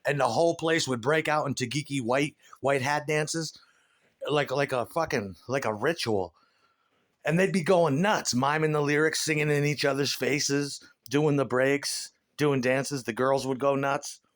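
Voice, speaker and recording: Middle-aged male comic, profane and animated, ranting in stand-up style. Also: mid-range voice, a little slow. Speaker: comedian. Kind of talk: stand-up rant.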